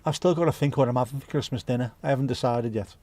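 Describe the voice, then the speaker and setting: Jokey Scouse man with a mellow voice. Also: medium pitch, racing, dry recording. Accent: Liverpool (Scouse). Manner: jokey, rambling, swears freely. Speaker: livestream host. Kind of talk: casual chat reading viewer comments.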